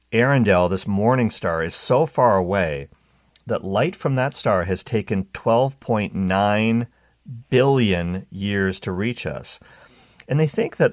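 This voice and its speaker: A man hosting a Catholic radio talk show, talking with enthusiasm, restarting phrases and jumping in pitch on exciting points. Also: dry recording, studio quality. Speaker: radio host.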